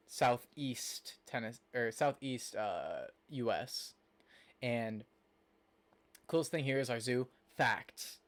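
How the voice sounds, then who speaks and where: Chatty young man streaming. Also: medium pitch. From Nebraska, USA. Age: young adult. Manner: rambling, chatty, lots of fillers, reacts to chat. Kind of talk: casual live-stream chat.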